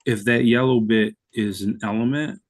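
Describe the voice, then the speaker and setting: A man's voice: lowish voice, steady tone, normal speed. A man co-hosting a casual livestream, chiming in with playful, teasing remarks. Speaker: co-host. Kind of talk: casual chat.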